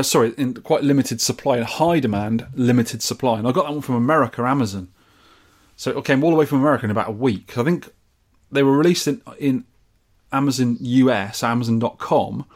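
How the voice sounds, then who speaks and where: A man's voice: medium pitch, a little mellow. A man from the UK chatting casually and enthusiastically as a podcast host. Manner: chatty and enthusiastic, rambling with restarts. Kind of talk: casual chat.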